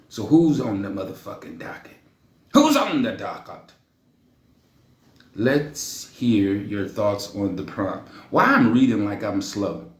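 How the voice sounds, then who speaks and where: A man hosting a casual livestream, teasing his viewers and ranting with jokes and profanity. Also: medium pitch. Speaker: livestream host. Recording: echoey room, faint noise.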